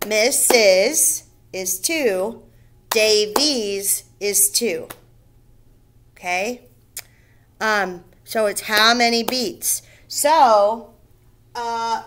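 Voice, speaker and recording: A woman teaching first graders a recorded lesson on syllables, slow and patient, stretching out each word so the children can hear the beats. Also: mid-range voice, a little hiss or hum. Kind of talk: recorded remote phonics lesson.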